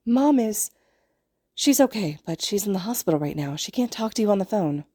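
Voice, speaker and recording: A woman's voice: mid-range voice, expressive, moderate pace, mellow, no echo, studio quality, lightly acted. A woman voicing an anxious, tearful young big sister in a storybook reading, stammering and shaky.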